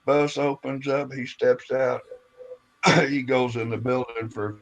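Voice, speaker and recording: A man's voice: medium pitch, fairly even intonation, takes it slowly, muffled recording. A man on a live stream telling a long rambling story in casual chat, acting out the voices of the people in it and swearing as he goes.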